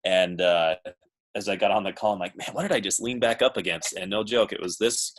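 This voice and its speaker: A man's voice: low-pitched, steady tone, fairly quick, poor audio. A man in his thirties on a video call from a small home alcove, talking to a team in a friendly, chatty, self-deprecating way. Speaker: guest speaker, corporate mentor.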